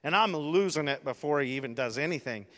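A man's voice: on the high side, animated, fairly quick, fairly bright tone. Man preaching in a reverberant church hall. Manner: emotional storytelling, rising to emphatic peaks. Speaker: pastor. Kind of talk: sermon.

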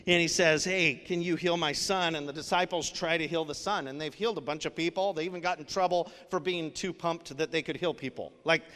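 A man's voice: a little high, fairly even intonation, fairly quick, hardly any pauses, fairly bright tone. A male pastor preaching a sermon in an earnest, conversational way, with casual fillers. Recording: long hall reverb.

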